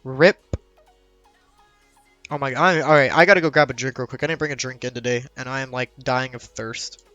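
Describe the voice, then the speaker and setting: A man's voice: mid-range voice, steady tone, fairly quick, bright, forceful tone, dry recording, dull audio, faint music behind. A young man streaming and chatting casually, with crude sarcastic banter and a slight lisp. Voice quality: slight lisp from dry mouth. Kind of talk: casual chat while streaming.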